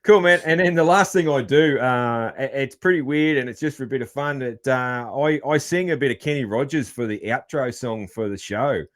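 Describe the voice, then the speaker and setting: A man's voice: medium pitch, moderate pace, hardly any pauses. An Australian man hosting a casual podcast interview, rambling with many fillers and restarts and laughing easily. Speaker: podcast host.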